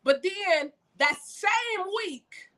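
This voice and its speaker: A woman giving a preacherly motivational talk, calling listeners baby and swinging from shouts to hushed lines. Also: very high-pitched, animated, very slow. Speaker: motivational speaker.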